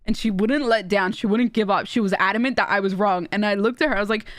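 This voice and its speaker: A young woman from Australia, chatting casually on a stream and telling stories in an animated way, with restarts and laughs. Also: mid-range voice, fast talker, hardly any pauses, dry recording, studio quality. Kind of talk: casual chat while streaming.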